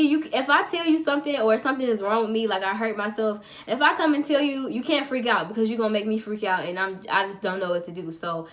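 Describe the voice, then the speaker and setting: A woman's voice: medium pitch, fairly bright tone. A young woman vlogger telling a personal story to camera in a chatty, profane, dramatic way.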